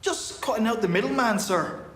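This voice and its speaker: A man's voice: high voice, moderate pace, a bit bright. An actor with an Irish accent playing a cheeky young street-smart sidekick who talks back to his boss. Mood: cocky. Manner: cocky, mocking. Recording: echoey TV scene audio with faint noise.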